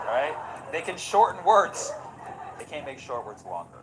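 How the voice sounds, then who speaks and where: Guy mocking some texts out loud, high-ish voice that swoops around, noisy recording. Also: sing-song, moderate pace. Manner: sarcastic, laughs between lines. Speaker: online commentator. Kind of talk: mocking commentary, reading texts aloud.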